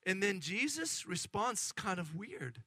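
A middle-aged man preaching a lively sermon, acting out excited voices and asking the congregation questions. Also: high voice, measured pace, no echo. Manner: animated, acts out excited voices, addresses congregation. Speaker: pastor.

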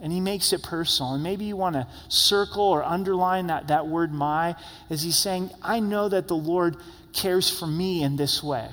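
A man's voice: high voice, moderate pace, fairly bright tone, in a large hall. A man in his young adult years preaching an earnest, conversational sermon at a church service, often repeating words as he speaks. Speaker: pastor.

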